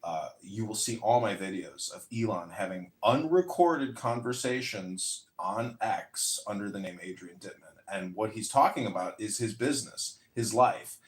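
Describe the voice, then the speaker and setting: A man with a lowish voice rambles on in a boastful, meandering way. He is chatting in an online audio room. The sound is roomy, with a clear echo around him. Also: animated, moderate pace, few pauses. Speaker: audio chat room speaker. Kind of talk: casual chat.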